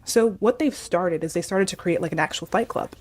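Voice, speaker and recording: A woman in casual chat, telling a story in an animated, expressive way. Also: fairly low pitch, fairly quick.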